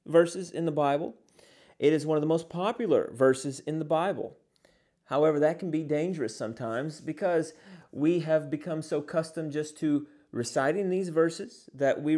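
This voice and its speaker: A man teaching as a pastor in an earnest sermon, pausing often on fillers and posing many rhetorical questions. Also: fairly high pitch, warm tone.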